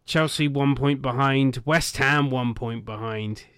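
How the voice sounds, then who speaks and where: An easygoing man co-hosting a casual football podcast, filling his sentences with hesitant ums. His voice is smooth and resonant at a medium pitch, and it sounds close and dry. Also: measured pace, a bit bright, no room sound. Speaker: podcast co-host.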